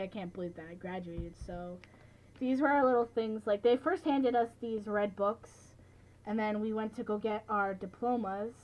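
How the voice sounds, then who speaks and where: A woman's voice: medium pitch, a little hiss or hum, poor audio. A teenage girl recapping events in a casual vlog, chatty and full of filler words like "like" and "you know". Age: late teens. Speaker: vlogger.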